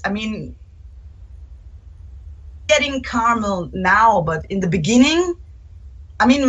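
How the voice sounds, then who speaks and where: On a rough recording, a young guitarist in her twenties fields interview questions in a mid-range voice. She's talkative and animated, performing fans' quotes as she spins her stories.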